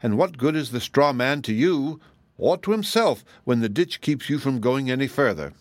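Man doing a storybook beast, huge, hungry, slow growling drawl, dry close sound. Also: medium pitch, animated, no room sound, pitched above the performer's own voice, natural voice. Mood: sorrowful. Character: huge hungry long-necked male beast, greedy but mild.

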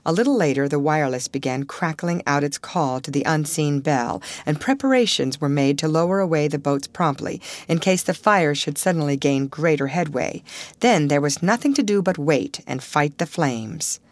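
Woman narrator, audiobook, low voice, dry close sound. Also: expressive, normal speed, dry recording.

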